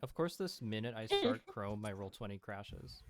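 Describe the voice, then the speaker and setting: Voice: medium pitch, wildly swooping pitch, normal speed, a crowd in the background. A laid-back game master chatting casually on a voice call, swearing when things go wrong. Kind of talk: casual chat over voice call.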